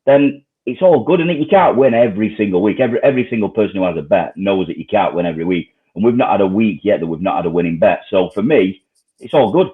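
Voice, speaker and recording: A man's voice: on the low side, animated, fast talker. A man from England hosting a casual betting chat, friendly and repetitive. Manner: friendly, repeats himself. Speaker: host. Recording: tinny phone-like audio.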